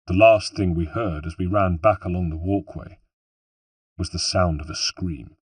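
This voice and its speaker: A man narrating an audiobook in a measured, somber first-person storytelling manner, with a husky voice. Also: sits low, dry recording. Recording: dry, distant mic.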